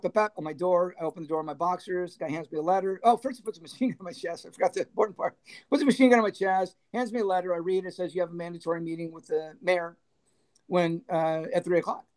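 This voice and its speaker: High-voiced man telling wild stories. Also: quick pace. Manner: animated storyteller who laughs often and acts out quoted dialogue. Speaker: former band manager, interview guest. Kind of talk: casual storytelling interview.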